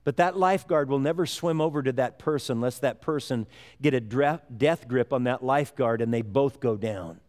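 A man's voice: mid-range voice, normal speed, a little mellow. A middle-aged man preaching a sermon in a conversational, folksy way, acting out little quotes as he goes. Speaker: pastor. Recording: long hall reverb.

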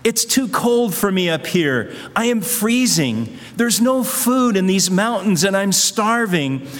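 A man's voice: high-pitched, sing-song, slow, pitched above the performer's own voice, full character voice. A man voicing a cold, starving rattlesnake that pleads and coaxes in a sly way. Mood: pleading. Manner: pleading, wheedling. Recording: long hall reverb.

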